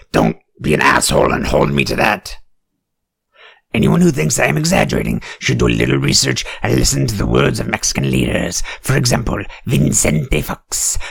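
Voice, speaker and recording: Gravelly sarcastic male commentator, wildly swinging pitch. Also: no echo. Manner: sarcastic, breaks into shouted outbursts. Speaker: satirical commentator. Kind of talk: mock-serious reading with ranting asides.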